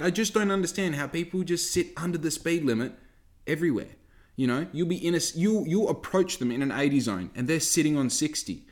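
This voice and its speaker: A man hosts a podcast and rants at his listeners. He swears freely and talks to the audience directly in a loose, heated tone. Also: mid-range voice. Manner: heavy swearing, ranting, talks straight to listeners. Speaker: podcast host. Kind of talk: casual podcast rant.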